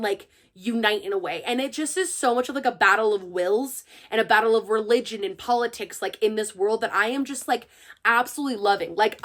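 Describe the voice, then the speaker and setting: A young woman who hosts a book channel, chatting casually and excitedly to her viewers. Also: a little high. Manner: gushing and chatty, full of fillers. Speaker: book reviewer and channel host. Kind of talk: casual chat to camera.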